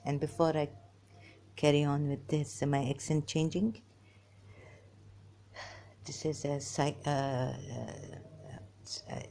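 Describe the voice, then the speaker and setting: A woman talking to her viewers in a rambling personal monologue, halting and giggly, often restarting and trailing off. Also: low-pitched, mellow, a little hiss or hum. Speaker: vlogger.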